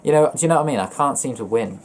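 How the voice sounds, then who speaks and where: A young man vlogging about his feelings in a flat, monotone voice, hesitant and often stopping to correct himself. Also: mid-range voice, slight background noise. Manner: hesitant, halting and self-correcting. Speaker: gaming YouTuber. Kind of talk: personal confessional vlog.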